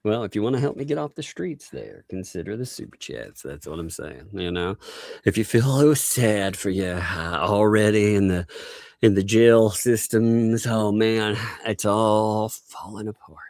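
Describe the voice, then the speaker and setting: A man's voice: lowish voice, normal speed, a little mellow. A man hosting a casual livestream chat, joking and laughing often, trailing off mid-sentence. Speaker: livestream host.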